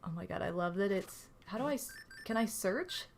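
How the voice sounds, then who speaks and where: A woman's voice: mid-range voice, lively intonation, fairly quick, a little hiss or hum. A woman in her thirties streaming a retro game, chatting casually, gushing and reading game text aloud. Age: 30s. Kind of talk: casual gameplay commentary.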